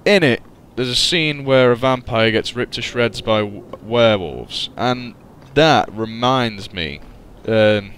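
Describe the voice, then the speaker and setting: A man's voice: medium pitch, animated, slow, few pauses, fairly bright tone, slight background noise. A young man doing casual let's-play commentary, goofy and rambling, with heavy swearing. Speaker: gaming commentator. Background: game music faint.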